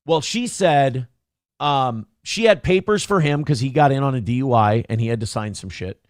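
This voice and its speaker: A man hosting a podcast, telling a story in casual, animated chat and slipping into other people's voices when he quotes them. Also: medium pitch, normal speed, no echo, studio quality.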